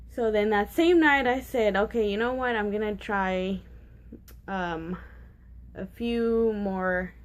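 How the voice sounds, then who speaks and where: A woman's voice: medium pitch, lo-fi sound. A woman in her twenties telling a personal story in a casual vlog, rambling and candid, full of fillers and restarts and prone to giggling. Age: 20s. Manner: candid and giggly about awkward details. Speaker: vlogger.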